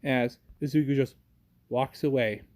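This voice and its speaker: A man's voice: medium pitch, steady tone, unhurried, a little mellow. A young man improvising a fan story, rambling with many fillers.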